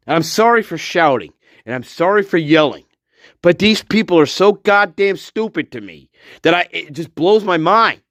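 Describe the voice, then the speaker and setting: A man with a high voice rants angrily. He swears and mocks as he goes. His delivery is slow and deliberate, and pitch swings widely, with bursts of shouting, heard dry and close. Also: expressive, no room sound. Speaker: online commentator. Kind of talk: ranting commentary.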